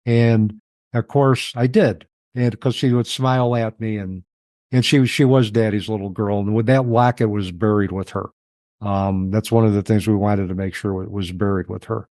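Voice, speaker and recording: Middle-aged man, low voice, dry close sound; reflective, halting interview guest. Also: steady tone, a little mellow, dry recording. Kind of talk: personal storytelling in an interview.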